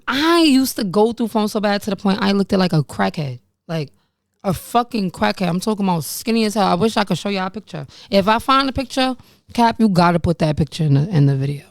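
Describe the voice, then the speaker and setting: A woman's voice: medium pitch, no echo, studio quality. A woman in her late twenties telling her life story straight to the camera, blunt and conversational, swearing freely and laughing at herself. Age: late 20s. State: pregnant. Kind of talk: candid storytime monologue.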